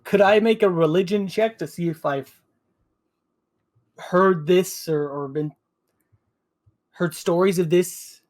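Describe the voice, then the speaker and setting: A man's voice: sits high, slow, pauses often, darkish tone. A man playing a tabletop game, asking about checks and explaining rules in an easygoing way. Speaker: player. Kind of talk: casual tabletop play.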